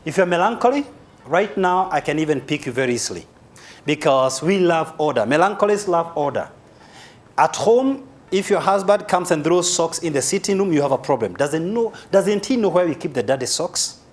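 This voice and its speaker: A man with a Kenyan accent giving a humorous, animated live seminar talk as a motivational speaker, spelling key words aloud. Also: fairly high pitch, moderate pace.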